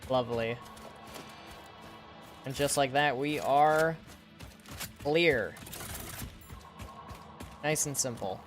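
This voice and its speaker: A man's voice: mid-range voice, drawn-out words, long pauses, faint music behind. A man giving casual live-stream gameplay commentary, rambling and laughing at his own puns. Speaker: game streamer.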